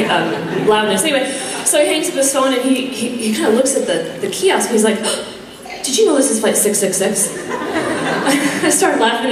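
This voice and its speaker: A woman from South Texas with a Texan accent, a nun giving a funny, faith-filled talk to a conference crowd and laughing at her own stories. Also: mid-range voice. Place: large conference hall. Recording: echoey hall, speaker far off, crowd noise.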